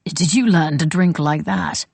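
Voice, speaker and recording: A woman voicing an elegant, bitter gentleman with a clipped British accent who talks testily and wryly. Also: low voice, very animated, unhurried, husky, dry recording, full character voice. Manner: clipped, testy, wry.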